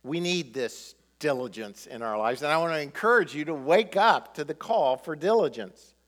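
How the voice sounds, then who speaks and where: A male pastor preaching a sermon, animated, throwing rhetorical questions at the congregation. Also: a little high, moderate pace, long reverb tail.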